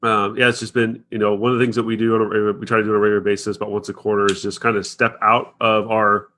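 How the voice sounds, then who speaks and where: A man's voice: lowish voice, little pitch movement, very fast, pushed and bright, a little hiss or hum. A man talking as a podcast guest in casual chat, rambling and restarting his phrases.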